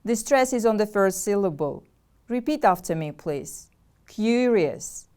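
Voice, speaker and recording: A woman teacher from Kyrgyzstan with a Kyrgyz accent, giving a deliberate English vocabulary lesson and having pupils repeat words after her. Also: mid-range voice, lively intonation, a little mellow, clear, resonant tone. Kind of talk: slow, clear classroom instruction.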